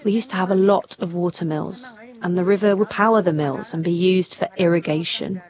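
A woman reading a translated interview voice-over, calm and reflective. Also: lowish voice, fairly quick, muffled recording.

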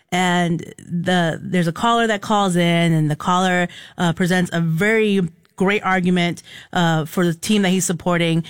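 A woman's voice: on the low side, dry recording, clean studio sound. A woman co-hosting a radio show, telling a long story in casual banter and acting out the voices of the people in it. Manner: animated storyteller, acts out quoted voices. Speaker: radio co-host.

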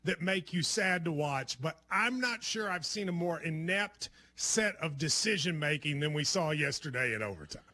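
A man from Kentucky hosts a sports talk show with a high, bright voice. He keeps the chat loose, teasing his co-host between game talk. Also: lively intonation, normal speed, hardly any pauses, a little hiss or hum. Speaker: sports radio and podcast host.

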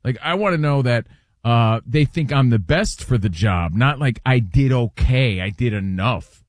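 A man's voice: mid-range voice, unhurried, no echo. A man co-hosting a sports talk radio show, overthinking a quote and acting out what others might say. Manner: animated, overthinking, acts out quoted voices.

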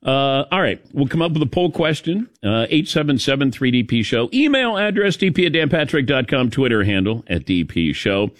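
A man's voice: mid-range voice, animated, moderate pace, few pauses, no room sound. A man hosting a sports talk show, chatting loosely and laughing at his own stories. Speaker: sports talk radio host.

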